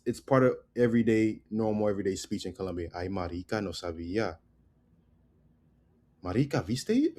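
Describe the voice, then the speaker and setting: A man from the United States giving a casual spoken lesson on slang, relaxed and loose, repeating words slowly and often asking "right?". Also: medium pitch. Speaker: language teacher.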